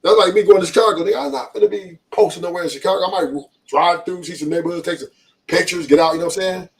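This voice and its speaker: A man with a Los Angeles accent, talking in a streetwise, emphatic way as a podcast guest. His voice sits somewhat high for a man. He sounds a little away from the mic. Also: fast, vocal fry, recorded from a distance. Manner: streetwise, emphatic, repeats himself. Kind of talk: casual podcast conversation.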